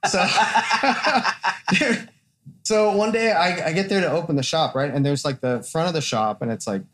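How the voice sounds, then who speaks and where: A man's voice: fairly high pitch, unhurried, fairly bright tone. A man, a tattoo artist and podcast host, telling a long story in casual, profane chat and acting out the people in it.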